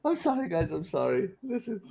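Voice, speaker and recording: A man hosting a casual gaming podcast, giggly and excitable, laughing through his lines. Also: high voice, a little fast, gravelly, heavy background noise. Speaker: podcast host.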